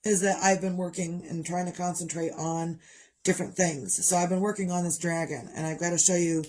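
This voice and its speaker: A woman's voice: fairly low pitch, fairly even intonation, brisk, darkish tone. A middle-aged woman chatting candidly to her viewers, rambling and open about her grief. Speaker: vlogger. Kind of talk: casual chat.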